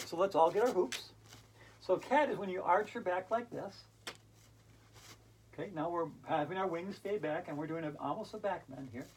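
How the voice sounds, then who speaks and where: A woman's voice: fairly low pitch, moderate pace, a little mellow, slight background noise, poor audio. A woman leading a playful hula hoop yoga class for kids, talking in a silly, enthusiastic, sing-song way. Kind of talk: playful instructional talk for kids.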